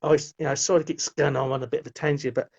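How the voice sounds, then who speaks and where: Middle-aged man, interview guest, rambling storyteller, voice sits a bit high, muffled recording. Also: little pitch movement, rapid-fire, creaky, darkish tone, breathy edge. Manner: rambling, with frequent restarts. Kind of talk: personal storytelling in conversation. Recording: muffled lo-fi audio.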